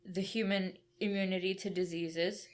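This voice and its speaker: A woman's voice: medium pitch, fairly even intonation, moderate pace. A woman co-hosting a podcast, explaining a book's ideas step by step and checking in with "right?" as she goes. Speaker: podcast co-host. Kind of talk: conversational book discussion.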